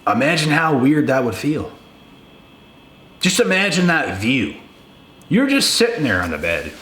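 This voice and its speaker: A man's voice: mid-range voice, wildly swooping pitch, measured pace, a bit bright, slight background noise. A young man in a blunt, casual rant to the camera, profane and emphatic, often repeating himself. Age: young adult. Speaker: video creator. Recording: echoey room with faint ambience.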